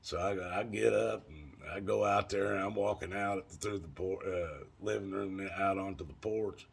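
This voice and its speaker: Gravelly deep-voiced storyteller man. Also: moderate pace. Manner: rambling, folksy and profane, lots of fillers. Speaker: vlogger. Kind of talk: casual storytelling.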